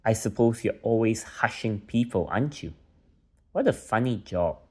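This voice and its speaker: A man's voice: lowish voice, lively intonation, moderate pace, dark tone, husky. A father voicing a thin, fierce old man from a fairy village who scolds a noisy boy. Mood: scolding. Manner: hissing, scolding. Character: thin fierce old male hushing brownie.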